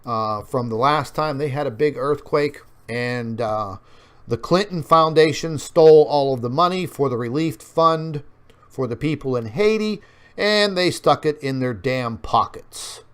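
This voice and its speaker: Medium in pitch and clean in tone, this man speaks at a measured pace. As host of an online news program, he gives loose, filler-heavy commentary while walking viewers through on-screen maps, calling them folks.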